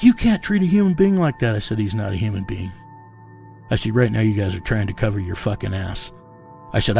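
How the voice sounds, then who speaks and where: A man's voice: fairly low pitch, creaky, a little mellow, breathy edge, no echo. An American man telling a tense story bluntly, with swearing, acting out what others said. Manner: blunt, profane, acts out quoted dialogue. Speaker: bounty hunter telling his story. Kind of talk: storytelling interview.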